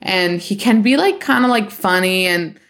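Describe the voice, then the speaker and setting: A woman hosting a podcast, telling gossip stories in a chatty, animated way with lots of "like"s. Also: medium pitch, moderate pace. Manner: gossipy, animated storytelling with many "like"s and bursts of laughter. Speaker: podcast host. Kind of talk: casual chat.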